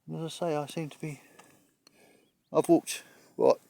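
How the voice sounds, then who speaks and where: A man's voice: fairly high pitch, level tone, unhurried, creaky, mellow, no room sound. A middle-aged man vlogging casually outdoors as he walks up a hill, rambling with dry humour and somewhat out of breath. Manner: rambling, chatty, dry humour, swears mildly. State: out of breath from climbing. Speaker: travel vlogger. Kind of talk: casual walking vlog. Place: outdoors on a hillside near water.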